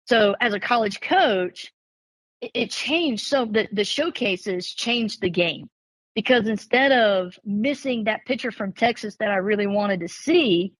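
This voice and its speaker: A former college and travel ball softball coach, this woman is a guest on a casual podcast, her mid-range voice carrying a raspy edge. The audio is poor, dry, and close with no echo. She tells stories animatedly, acting out quoted coaches and parents, with quick restarts and repeated words.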